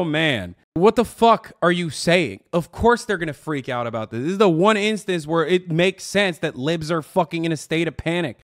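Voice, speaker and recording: A man's voice: on the high side, no room sound, studio quality. A man in his thirties reacting to a video as a streamer, sarcastic and mocking, ranting with lots of swearing. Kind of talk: casual profane reaction commentary.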